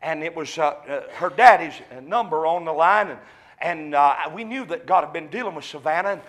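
A man with a Southern US accent preaching a fervent sermon, mixing folksy stories with shouted exclamations. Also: fairly high pitch, fairly quick. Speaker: pastor.

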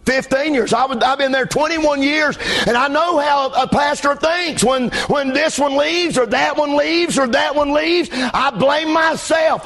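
A man pastor preaching a revival sermon from the pulpit, shouting in a chanting preaching cadence. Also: very high-pitched, creaky. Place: church pulpit.

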